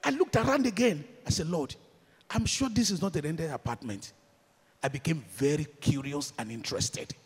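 Impassioned Nigerian preacher, husky and lively. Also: male voice, a little high, moderate pace. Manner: impassioned, swings from shouted declarations to hushed storytelling. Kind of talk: sermon with storytelling. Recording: long hall reverb.

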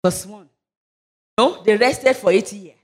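A woman's voice: medium pitch, a little slow. A woman preaching a sermon, reading scripture and leading fervent prayer. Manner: fervent, rising into loud declarations during prayer.

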